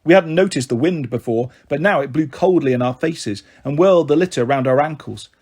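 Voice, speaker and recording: A man narrating a children's novel aloud in a steady, expressive reading. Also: a little high, brisk. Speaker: storyteller. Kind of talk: audiobook narration.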